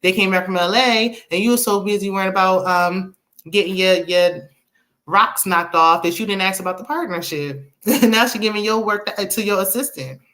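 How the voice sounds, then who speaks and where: A young woman hosting movie reviews casually recaps a film in a mid-range voice. Her chatty, animated retelling is full of laughs, quick asides and acted-out quotes.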